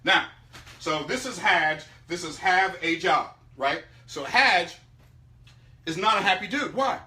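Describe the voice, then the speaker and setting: A man telling a story to an audience in an emphatic way, jumping from loud outbursts to quiet low asides. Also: lively intonation, slow pace. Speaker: speaker teaching about money. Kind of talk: animated storytelling talk.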